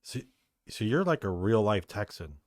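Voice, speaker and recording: A man's voice: on the low side, very animated, normal speed, no room sound. A man hosting a podcast, asking questions in a laid-back conversational way. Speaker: podcast host. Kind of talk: casual interview questions.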